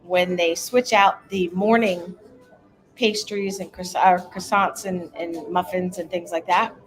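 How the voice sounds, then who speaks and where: Middle-aged woman, livestream cohost, chatty and rambling, low-ish voice. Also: steady tone, measured pace, soft background music, rough recording. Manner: chatty, thanks viewers by name, rambles through details. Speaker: cohost of a cruise travel livestream. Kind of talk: casual live chat reading viewer comments.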